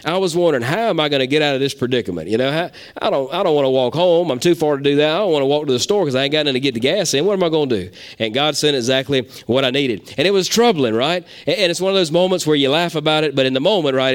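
A man's voice: a little high, clean tone. A middle-aged man, preaching a sermon in a folksy, storytelling way. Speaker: pastor.

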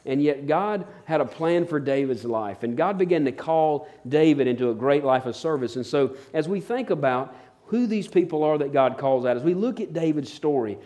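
A man's voice: fairly high pitch, animated, moderate pace, dark tone. A man preaching a sermon, telling stories in a folksy, rambling way with fillers and restarts. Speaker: pastor.

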